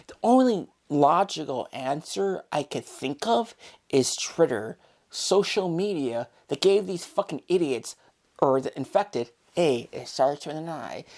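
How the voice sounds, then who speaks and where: Young woman vlogger, deep and gravelly, profane rambling rant. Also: darkish tone. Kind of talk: casual opinion rant.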